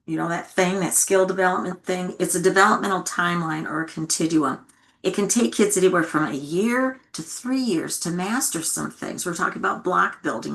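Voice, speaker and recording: A woman's voice: fairly low pitch, bright, forceful tone. A middle-aged woman giving a talk to early childhood educators, earnestly acting out what adults and children say. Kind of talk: teaching talk with acted examples.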